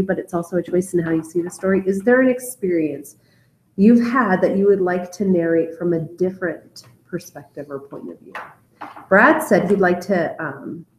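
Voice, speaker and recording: A woman's voice: fairly low pitch, darkish tone, echoey room, a little hiss or hum, low-quality recording. A woman teacher leading a casual storytelling class discussion, talking in a conversational, hesitant way with many fillers.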